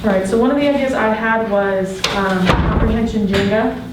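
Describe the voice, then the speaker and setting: A woman's voice: medium pitch, moderate pace. A woman giving a class presentation on reading comprehension, going through prepared points with frequent ums. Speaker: education student presenting. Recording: echoey classroom, distant mic, background noise.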